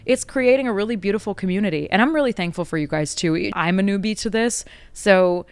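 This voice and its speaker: Woman podcaster rambling casually, lots of "like", smooth lowish voice, dry close sound. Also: brisk, dry recording. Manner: chatty, rambling, heavy on "like", frequent self-corrections. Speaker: podcast host. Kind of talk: casual spiritual monologue.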